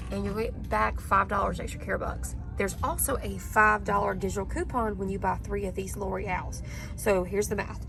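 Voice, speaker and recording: A woman's voice: medium pitch, vocal fry. A woman from South Carolina, a couponing vlogger chatting through coupon math while she shops in a drugstore. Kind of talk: in-store shopping walkthrough. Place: inside a drugstore. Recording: music playing loudly behind.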